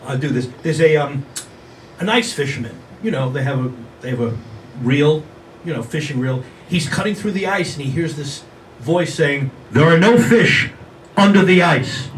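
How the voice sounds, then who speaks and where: An older male stand-up comedian works a live comedy venue with self-deprecating wisecracks and quick asides to the crowd. His voice is slightly high. The recording picks him up from a distance, with noticeable background noise in the room.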